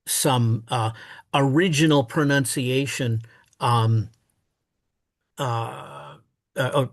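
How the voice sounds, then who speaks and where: Male academic guest, halting delivery full of fillers, mid-pitched, dry close recording. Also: no echo. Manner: halting, many fillers and restarts; reads verse aloud with exaggerated stress. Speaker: guest scholar. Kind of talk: thoughtful interview answers.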